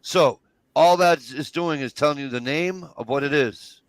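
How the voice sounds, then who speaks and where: A man's voice: on the high side, moderate pace, no echo. A man co-hosting a casual livestream chat, explaining his point in a rambling way with many restarts. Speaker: co-host.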